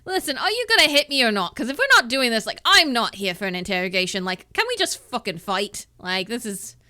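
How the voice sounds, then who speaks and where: Woman putting on a rough-talking ogre jailer, blunt and goading, sharp bright voice. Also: medium pitch, lively intonation, a little slow. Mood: impatient. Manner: rough, coarse speech with "oi" and "lad". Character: gruff male ogre guard, taunting and blunt.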